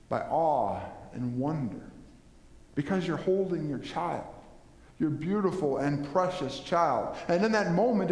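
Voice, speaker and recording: A man's voice: a little high, a little mellow. A man preaching a sermon as pastor, earnest, building lists and asking rhetorical questions of his congregation. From Minnesota. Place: church sanctuary. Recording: echoey church hall with long reverb.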